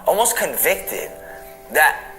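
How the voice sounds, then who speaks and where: A man's voice: fairly high pitch, big pitch swings, takes it slowly, pushed and bright, soft background music, poor audio. A man in his late thirties giving a candid, reflective personal testimony in an interview, laughing now and then. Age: late 30s. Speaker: interview guest.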